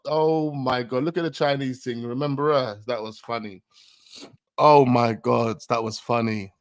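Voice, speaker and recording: A man hosting a casual reaction show, excitable and full of street slang. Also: medium pitch, measured pace, no room sound, studio quality. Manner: excitable, heavy street slang, breaks into laughter. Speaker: host reacting to a rap video.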